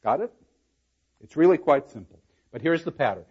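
A man's voice: on the high side, animated, a little fast, pauses often, darkish tone, husky, dull audio. A man giving a university lecture on a play, explaining verse and reading lines aloud with dramatic emphasis. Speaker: literature lecturer.

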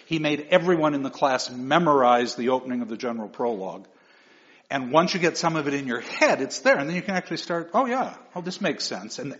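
A man giving a recorded literature lecture, talking in an animated, expressive way and reading verse aloud with dramatic emphasis. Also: mid-range voice, lo-fi sound. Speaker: literature teacher.

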